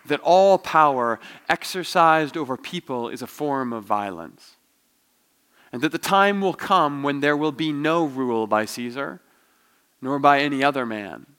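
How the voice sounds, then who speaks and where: A man reading the lines of a calm, gentle wandering preacher, quiet and earnest, during a dramatic reading from a novel. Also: mid-range voice, measured pace, smooth. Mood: calm conviction.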